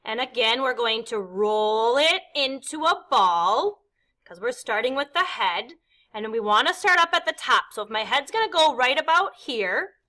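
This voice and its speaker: A woman's voice: high-pitched, bright, forceful tone. A woman art teacher demonstrating a kindergarten clay lesson, explaining each step patiently and counting aloud. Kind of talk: instructional demonstration.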